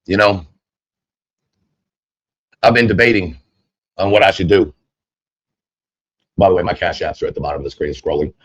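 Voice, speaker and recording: A man hosting a casual livestream, talking straight to his viewers in a loose, rambling flow. His voice sits fairly low, and the sound is dry and close, with no room echo. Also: expressive, moderate pace, pauses often, husky. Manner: rambling, chatty, addresses viewers directly. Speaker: online streamer.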